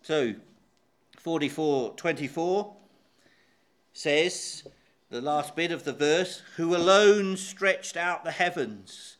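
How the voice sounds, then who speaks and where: A man preaching at a slow, deliberate pace, his voice bright and ringing. He is emphatic and measured, stopping often on small hesitations as he works through a text. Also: fairly high pitch. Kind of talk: sermon.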